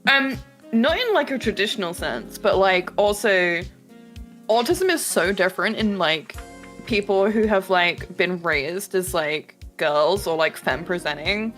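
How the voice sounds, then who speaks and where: A young woman with British and Irish roots, chatting casually on stream, overly expressive, swearing and laughing often. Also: medium pitch, measured pace, faint music behind. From UK, Scottish-Irish family.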